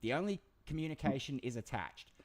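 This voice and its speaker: A man hosts a loose commentary chat, his voice rising and falling a lot. He talks in an excitable, rambling way and swears freely. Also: mid-range voice, a little fast. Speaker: commentary channel host.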